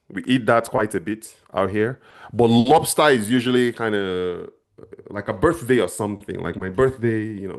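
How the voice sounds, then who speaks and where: A middle-aged man from Nigeria, chatting casually on a livestream and talking straight to his viewers. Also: lowish voice. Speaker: channel host answering viewers.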